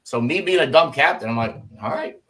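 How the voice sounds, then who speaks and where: Middle-aged man, ex-officer, casual storyteller; mid-pitched, animates quoted lines with sudden pitch leaps. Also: fast talker. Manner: animated, acts out quoted dialogue with jumps in pitch. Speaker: former army officer telling his story.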